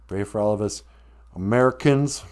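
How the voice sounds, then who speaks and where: Speaking at a normal speed with a low, darkish tone, this man from an Ojibwe reservation in the US runs a comedic live stream. He rambles casually, cracks jokes, and laughs frequently.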